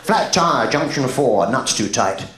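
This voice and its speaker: On a theatre stage, an Englishman performs an absurdist stand-up routine peppered with quizzical, questioning hums. His medium-pitched voice is expressive and measured in pace, and the live recording carries roomy echo and audience noise.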